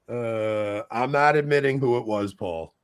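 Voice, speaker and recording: A man's voice: mid-range voice, slow, smooth, dry recording. A man from Long Island with a New York accent, hosting a casual podcast chat, laughing often and restarting his sentences. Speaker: podcast host.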